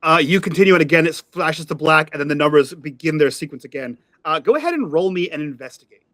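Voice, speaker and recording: A man runs a tabletop game, laying out each scene in a bright, forceful voice pitched a little high. His narration comes through close and dry, with a steady stream of fillers. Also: quick pace, no room sound. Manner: descriptive, hedging with fillers. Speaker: game master.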